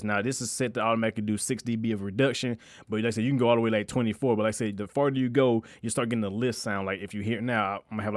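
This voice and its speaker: A young man talks through a production tutorial at a quick clip. He speaks in a loose, slangy way and restarts his sentences often. The voice sounds dry and close, with little room around it. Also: fairly low pitch, no echo. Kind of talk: casual screen-recorded tutorial.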